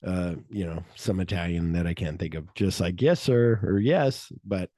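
A man talking casually about a movie with a mellow, warm tone, recorded dry and close. He rambles along, slipping into quick quoted voices to act out scenes, and swears freely. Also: sits low, level tone, dry recording. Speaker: podcast co-host. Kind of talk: casual chat about a film.

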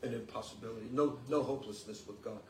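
A man's voice: medium pitch, quick pace, vocal fry, darkish tone. Emphatic preacher man in an echoey room. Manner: emphatic, builds to exclamations. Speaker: preacher and podcast host. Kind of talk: sermon with call and response. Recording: echoey room, distant mic, faint noise.

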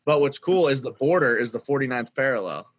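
A man's voice: medium pitch, expressive, brisk. A man, a football player, chatting casually as a guest with many fillers and easy laughs. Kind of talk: casual interview chat.

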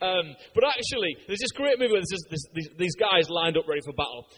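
A man giving a lively sermon, chatty and joking, asking the crowd questions. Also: high-pitched, fast talker, breathy edge, long reverb tail, poor audio. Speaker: preacher.

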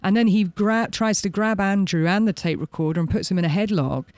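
A man with a high voice co-hosts a casual podcast chat. He retells events with animation and often acts out quoted lines. The sound is dry and close. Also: a little fast, a little mellow, dry recording. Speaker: podcast co-host. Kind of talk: casual chat recounting a documentary.

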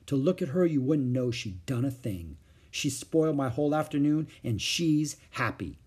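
A man's voice: mid-range voice, lively intonation, normal speed, a little mellow, breathy edge. A man voicing an exasperated older sister, a schoolgirl who speaks earnestly and with annoyance.

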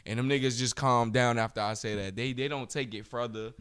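A man talks in an easy, casual way, full of slang and swearing. His voice is smooth and resonant and sits at an ordinary pitch. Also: steady tone, a little fast, fairly bright tone. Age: 30s. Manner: loose, profane storytelling with lots of slang. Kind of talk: casual chat.

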